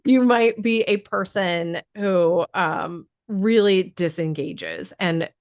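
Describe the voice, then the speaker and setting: Woman, slightly low voice, a bit worn from losing her voice, casual explaining, lots of ums and restarts. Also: lively intonation, very slow. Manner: thoughtful, many fillers and restarts.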